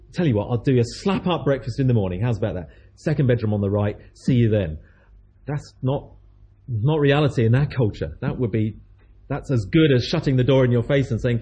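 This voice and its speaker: A man's voice: medium pitch, dark tone, breathy edge. A man preaching a sermon, telling a story in a chatty way and acting out the voices of its people.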